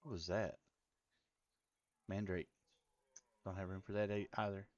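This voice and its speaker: A man's voice: low-pitched, little pitch movement, unhurried, darkish tone, dry recording, dull audio. A man with a Tennessee accent, streaming a game and muttering his way through it while chatting to viewers. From Middle Tennessee, US. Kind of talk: casual live game commentary.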